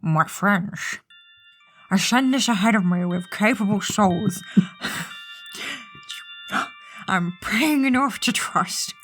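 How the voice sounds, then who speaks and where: A woman putting on the voice of a little old male monster hunter, speaking slowly and haltingly as she reads his letter. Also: mid-range voice, expressive, fairly bright tone, faint music behind. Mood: mock solemn. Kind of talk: comedic podcast voice impression.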